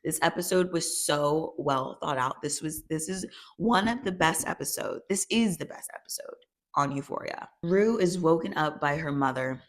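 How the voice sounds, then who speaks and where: A woman's voice: low-pitched, moderate pace. Casual woman retelling a TV episode. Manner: animated storytelling, breezy retelling. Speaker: TV recap vlogger.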